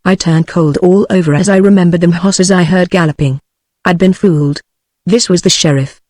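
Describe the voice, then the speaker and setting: A text-to-speech voice of a woman with a British English accent, reading an audiobook in a steady, even way. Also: on the low side, moderate pace, dry recording. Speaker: audiobook narrator.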